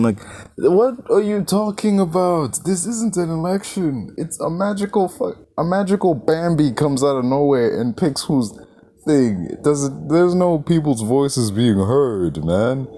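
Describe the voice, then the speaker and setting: A man ranting through a film review, his voice leaping up and down in lively swings. He sounds exasperated and incredulous, swears freely and keeps asking rhetorical questions. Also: fairly high pitch, a little slow. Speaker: movie reviewer.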